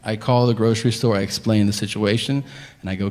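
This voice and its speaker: A man's voice: on the low side, fairly quick, a little mellow. A male comedian telling a story on stage, exasperated and profane. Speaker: stand-up comedian. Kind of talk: stand-up storytelling. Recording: echoey venue, faint ambience.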